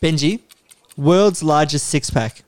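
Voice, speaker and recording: His voice sits on the high side and he talks slowly as he runs a quiz on his podcast. Chatting casually, the host teases his co-host playfully, swears, and calls him "mate."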